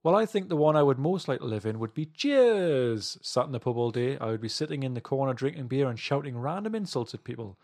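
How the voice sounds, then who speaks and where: A man's voice: medium pitch, lively intonation, brisk, few pauses, darkish tone. Male podcast co-host, casual and jokey, reads out listener answers. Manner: jokey, puts on silly accents when quoting. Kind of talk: casual banter, reading out listener messages.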